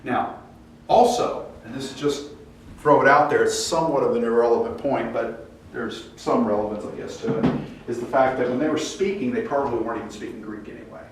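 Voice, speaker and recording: A man leads a church Bible class, talking casually and acting out quotes with sudden jumps in pitch. His voice sits in the middle range. He is picked up from a distance in a very echoey room, with a faint hiss behind him. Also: fairly quick. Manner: animated, acts out quoted dialogue with rising pitch. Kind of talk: classroom lecture.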